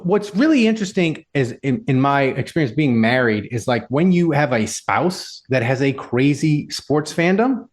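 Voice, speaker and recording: A man's voice: mid-range voice, moderate pace, few pauses. A man hosting a casual sports podcast, telling stories in a rambling way with lots of fillers. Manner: rambling, filler-heavy, animated storytelling. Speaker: podcast host.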